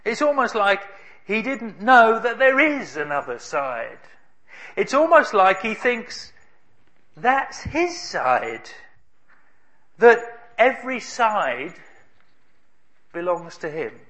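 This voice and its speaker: A man preaching a sermon, telling a story in an emphatic way with dramatic pauses. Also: high voice, sing-song, fairly bright tone.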